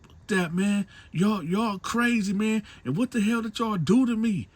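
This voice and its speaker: Brief: man doing a panicked young guy, swearing, high and strained. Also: unhurried, no room sound. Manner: frantic, cursing, pleading questions.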